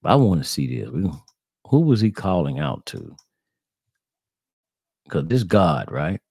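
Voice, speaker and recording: A very low-voiced man, his voice gravelly with fry, preaches to his online audience. He keeps circling back with repeated rhetorical questions and calls them brothers and sisters. The sound is close and dry. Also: very animated, slow pace, a little mellow, no echo. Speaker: religious podcast host. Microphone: screen-sharing computer setup.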